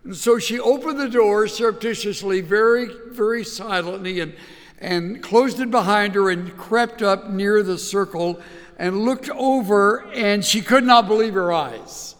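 Halting high-voiced man in a reverberant hall. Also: fairly bright tone. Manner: halting, repeats words, many uh fillers. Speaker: speaker telling illustrative stories. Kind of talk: sermon-style storytelling.

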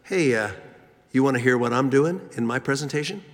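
A man's voice: on the high side, expressive, fairly quick, gravelly, pushed and bright, husky, full character voice. A preacher playing a pushy, intense male company boss who leans in close and talks conspiratorially. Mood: secretive. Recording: long hall reverb.

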